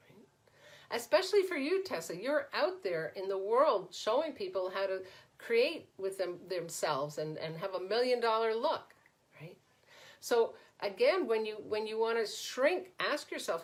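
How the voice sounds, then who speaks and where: A woman's voice: medium pitch, lively intonation, moderate pace. Chatty woman coach answering viewer questions. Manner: conversational, frequently adds "right?"; reads viewer comments aloud and answers them. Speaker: coach and podcast host. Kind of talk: live Q&A coaching session.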